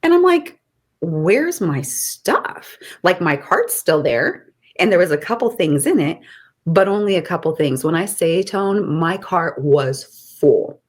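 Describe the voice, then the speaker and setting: Lively animated woman storyteller. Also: fairly low pitch, unhurried. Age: middle-aged. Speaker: podcast co-host. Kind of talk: casual storytelling.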